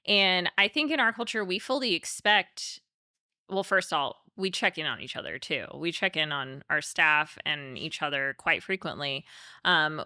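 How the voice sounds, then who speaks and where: A young woman with a low, bright voice, sharing candidly on a podcast. She speaks openly and emotionally, looping through fillers as she works out her thoughts. The sound is dry and close, her tone crisp. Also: no room sound. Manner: open and emotional, quick, many "like" fillers. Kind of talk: candid conversational podcast talk.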